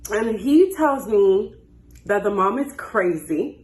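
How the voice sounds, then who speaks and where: A woman in her twenties telling a dating story in a casual, animated way and acting out the dialogue. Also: medium pitch, slow. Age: 20s. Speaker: storytime host. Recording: echoey room.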